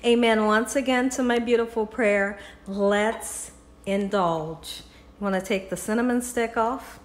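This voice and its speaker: Her voice is a little high and her pace measured as she hosts a laid-back cooking video at home, chatting with viewers and laughing often between tastes and pours. The kitchen recording is reverberant.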